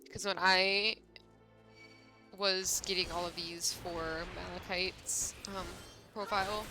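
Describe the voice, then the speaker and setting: A woman's voice: mid-range voice, sharp tone. A young woman streaming a game, chatting casually in a rambling way full of fillers. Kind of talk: casual gameplay chat.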